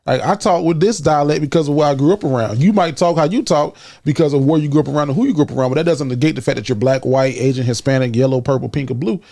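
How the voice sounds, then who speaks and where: A man with a Southern US accent and a fairly high voice chats on a podcast. He is frank and casual, thinks aloud with restarts, and drops the odd swear word. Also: fast, gravelly, hardly any pauses, warm tone. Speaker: podcast co-host.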